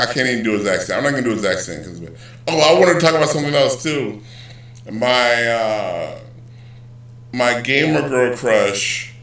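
A man's voice: mid-range voice, a bit bright. A man rambling casually in a vlog, joking and correcting himself as he goes. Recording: roomy, distant, poor audio.

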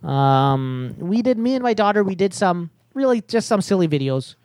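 A woman's voice: fairly low pitch, animated, moderate pace, darkish tone, no echo. A woman hosting a casual podcast from a headset mic, rambling with lots of fillers and restarts. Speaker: podcast host.

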